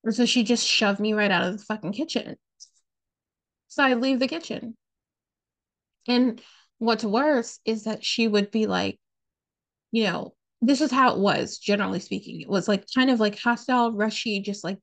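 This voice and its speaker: This podcast host's voice is on the high side and moves at normal speed. She tells a personal story bluntly and casually, swearing without restraint and constantly reaching for "like" and "you know."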